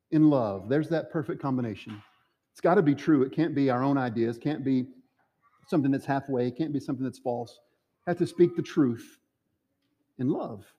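A man's voice: medium pitch, warm tone. A man preaching a sermon, earnest and pleading, building his points with rhythmic repetition. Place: church sanctuary. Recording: long reverb of a church hall.

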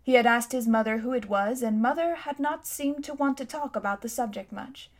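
A woman narrating a children's storybook in a calm, measured way. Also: fairly high pitch. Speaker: audiobook narrator. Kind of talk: scripted narration.

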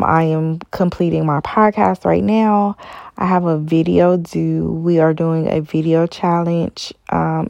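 A woman's voice: deep voice, vocal fry, warm tone, dry recording, highs cut off. A tired woman hosting a casual solo podcast, rambling with many ums and stopping to correct herself. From Los Angeles area. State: tired, yawning. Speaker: podcast host.

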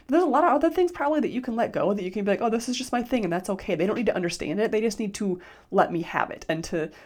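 On her solo podcast, this woman in her thirties, a life coach, keeps things chatty and casual, filling her talk with "like" and acting out quoted dialogue in little voices. She has a lowish voice with a darkish tone.

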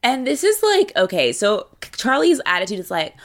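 A woman co-hosting a casual chat about a TV show, acting out quotes with big jumps in her voice. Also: normal speed. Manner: animated, acts out quotes with pitch jumps. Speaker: podcast co-host.

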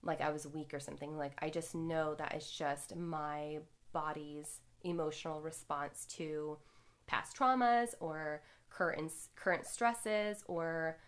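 A young adult woman hosting, telling a personal story in a candid, animated way with casual swearing. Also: low-pitched, unhurried.

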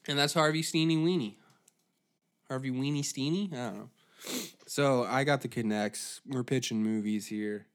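A man hosting a podcast who rants in a profane, rambling, animated way. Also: medium pitch, moderate pace, vocal fry. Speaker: podcast host. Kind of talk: comedic rant.

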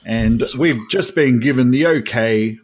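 A man's voice: medium pitch, unhurried, breathy edge. A man co-hosting a casual gaming podcast, dry and teasing. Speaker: podcast co-host.

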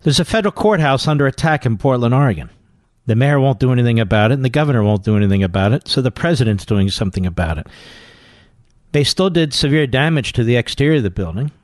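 A man's voice: mid-range voice, animated, fast, no echo. A man hosting a talk radio show, delivering combative, scornful commentary into a studio microphone.

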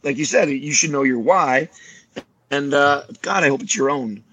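A man's voice: fairly high pitch, normal speed, crowd noise, low-quality recording. A man, a martial arts teacher, talking casually on a podcast and acting out other people's lines as he tells stories. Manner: animated storyteller, acts out other people's lines.

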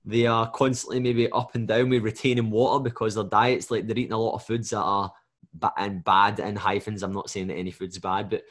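A man's voice: on the low side, little pitch movement, fairly quick. A man, a fat loss coach, talking bluntly in a casual podcast chat and swearing freely as he acts out what clients say.

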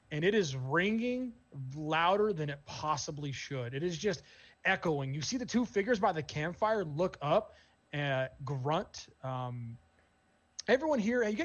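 A man narrating as game master in a tabletop role-playing game, describing scenes in a relaxed way with many fillers. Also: a little high, dull audio.

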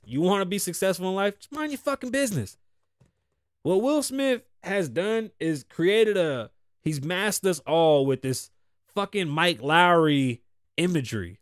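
Man, podcast host, profane rant, fairly high voice, dry close sound. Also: big pitch swings, measured pace, no room sound. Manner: blunt, heavy cursing, swings between loud outbursts and low mutters.

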